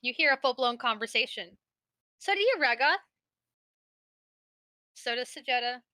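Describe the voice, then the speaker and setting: Woman dungeon master, slightly high, bright tone, dry close sound. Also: animated, normal speed, dry recording. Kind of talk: running a tabletop game over voice chat.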